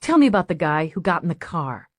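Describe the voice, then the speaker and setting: A tough female police lieutenant fires off clipped, pressing questions, voiced by a woman narrator. Her tone sits on the low side and the recording is dry and close. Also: sing-song, fast talker, no room sound. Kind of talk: audiobook character voice.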